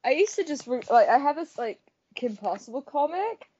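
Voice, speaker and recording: A woman's voice: high-pitched, very animated, moderate pace, darkish tone. A young woman co-hosting a casual podcast, giggly and self-mocking while she tries out voice impressions. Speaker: podcast co-host. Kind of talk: casual chat, trying voice impressions. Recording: dull lo-fi home mic, dry.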